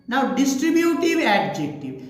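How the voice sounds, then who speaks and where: Woman grammar teacher, fairly high voice with lively pitch, posing and answering her own questions. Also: unhurried. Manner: asks questions and answers them herself, repeating each example. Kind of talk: classroom-style grammar lesson. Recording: very echoey room.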